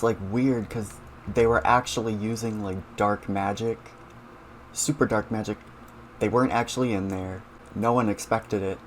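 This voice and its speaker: A man's voice: on the low side, slight background noise. A man hosting a casual reaction show, chatting with viewers about cartoon scenes and using lots of fillers.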